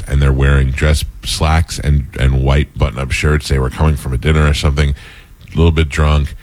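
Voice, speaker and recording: A man hosting a casual talk show, telling animated stories with laughter. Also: a bass voice, dry recording. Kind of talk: casual storytelling chat.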